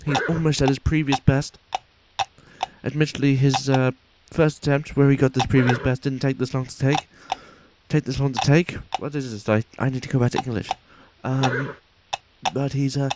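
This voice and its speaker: A man playing a pompous, excitable sports announcer in mock commentary over a video game, with formal announcer phrasing, recorded on a noisy home mic. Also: very high-pitched, pitched above the performer's own voice, full character voice. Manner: formal announcer phrasing, shouts at near misses.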